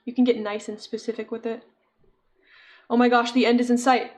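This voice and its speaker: A woman's voice: on the high side, little pitch movement, a little fast, darkish tone. A young woman chatting casually with her viewers while she crochets, giggling often and answering chat. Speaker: streamer.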